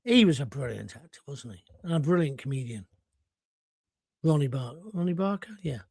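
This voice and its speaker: A man's voice: medium pitch, very animated, normal speed, gravelly, darkish tone, husky, no echo. An older man hosting a casual live stream, chatting bluntly and cheekily while reading out viewer comments.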